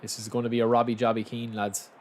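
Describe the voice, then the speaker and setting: A young man chatting casually and commentating live on his own football game, bursting into excited shouts at big moments. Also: mid-range voice, fast talker, slight background noise. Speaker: game streamer.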